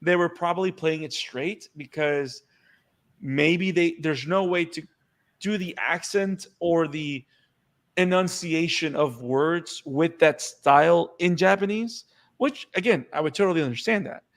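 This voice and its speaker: A man with a slightly higher voice co-hosts a casual anime chat. He talks in an animated way, stumbling over and repeating words as his ideas pile up. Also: measured pace. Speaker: podcast co-host.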